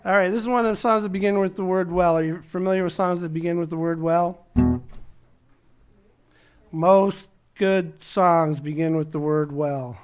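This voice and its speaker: A man who sings and plays guitar, bantering loosely between songs on a live stage and trailing off into quiet, joking asides. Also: sits high, steady tone, normal speed. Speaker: band singer and guitarist. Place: live stage at a barn music venue. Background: guitar strumming under the talk.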